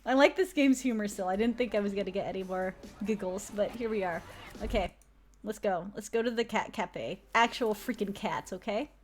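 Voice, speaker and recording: A woman's voice: mid-range voice, normal speed, slight background noise. Giggly woman playing a game. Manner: giggly, chatty, playful. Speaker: let's play host. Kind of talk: game commentary.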